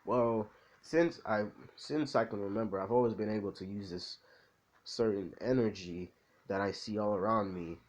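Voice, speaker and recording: Brief: unbothered teen boy with spirit powers, flat and matter-of-fact, as a man quotes him. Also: fairly low pitch, normal speed, close to an everyday voice.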